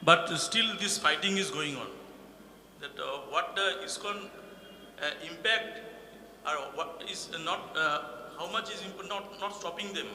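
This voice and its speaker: A man from the audience asks a question in a bright, tense voice that sits a little high. He halts and restarts while searching for words. He is heard in a large, echoey hall with long reverb. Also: unhurried. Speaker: audience member asking a question. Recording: echoey hall with faint noise.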